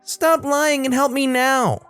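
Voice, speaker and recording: A shrill, screechy middle-aged woman customer who demands and scolds in an entitled tone, with a man doing the voice. The voice sits well above the narrator's own and stays piercing and indignant throughout. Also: steady tone, slow pace, fairly bright tone, dry recording, faint music behind, heavily acted. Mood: demanding.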